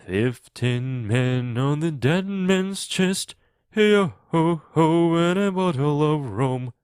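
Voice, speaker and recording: An eerie, unseen pirate voice sings and calls out, raised high and stretched long, as a man puts it on in a storybook reading. Every word comes slowly and hangs in the dry, close sound. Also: animated, a little mellow, clean tone, no room sound. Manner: sung and drawn-out calling. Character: eerie unseen male voice calling from the trees. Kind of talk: audiobook reading for learners.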